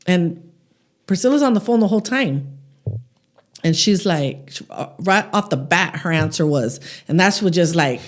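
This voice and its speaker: A middle-aged woman co-hosting a casual podcast, telling stories with lively acted-out quotes and frequent swearing. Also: lowish voice, normal speed. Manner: animated storyteller acting out quotes, swears freely. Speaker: podcast co-host. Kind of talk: casual chat, storytelling.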